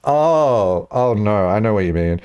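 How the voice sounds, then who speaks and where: A man's voice: fairly low pitch, measured pace, clean tone, highs cut off. A young man streaming and chatting casually, rambling through stories with lots of swearing and laughter. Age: young adult. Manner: rambling, profane, laughs often, animated storytelling.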